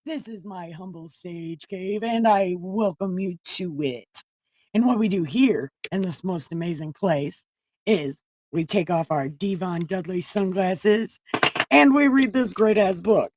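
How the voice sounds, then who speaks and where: A woman's voice: fairly low pitch, a little slow, darkish tone. A woman hosting a livestream, retelling Bible stories casually in a profane, rambling, jokey way from a room at home. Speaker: livestream host.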